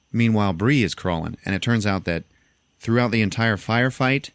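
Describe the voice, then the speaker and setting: A man's voice: deep voice, smooth, no echo. A man hosting a podcast, casually retelling a film's plot and often laughing as he acts out lines. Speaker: podcast host. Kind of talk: casual film recap.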